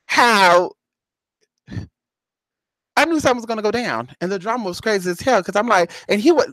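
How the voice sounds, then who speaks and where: A woman's voice: medium pitch, animated, normal speed, a bit bright, dry recording. A woman telling a neighborhood story in a casual, gossipy vlog. She talks animatedly, acts out other people's voices, and keeps calling the viewer "girl" and "honey". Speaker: spiritual reader and vlogger.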